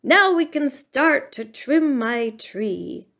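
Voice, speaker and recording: A woman voicing a fussy, excitable old gentleman in a read-aloud storybook, full of exclamations. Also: sits high, slow, gravelly, exaggerated voice. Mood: excited.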